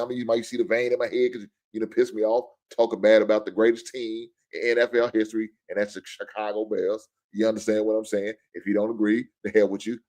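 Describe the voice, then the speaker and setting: A man's voice: fairly low pitch, darkish tone. A middle-aged man hosting a show, in a blunt, joking, ranting monologue. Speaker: podcast host. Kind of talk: casual monologue.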